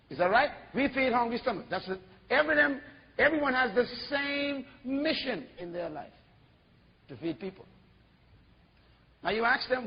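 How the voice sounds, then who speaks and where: A man preaching an animated sermon as pastor, full of rhetorical questions. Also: high-pitched, normal speed, gravelly, slightly rough, big-room sound, dull audio.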